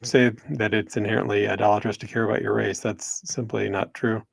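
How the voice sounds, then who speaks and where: Gravelly man on a dry call mic. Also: fairly low pitch, flat delivery, a little fast, no room sound. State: spotty connection. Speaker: podcast co-host. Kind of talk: casual religious discussion. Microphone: video call.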